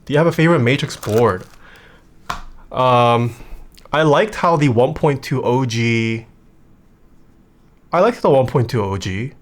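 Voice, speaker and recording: Unhurried and mid-range, a streamer in a casual livestream reads questions from viewers and answers offhandedly. Long pauses come up, and the voice often drops low while typing.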